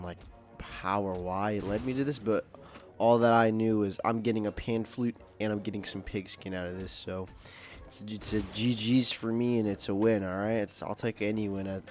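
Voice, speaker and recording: A young man giving casual, rambling gameplay commentary at home, swearing often and full of fillers and restarts. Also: lowish voice. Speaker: gaming video creator. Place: home, at his computer.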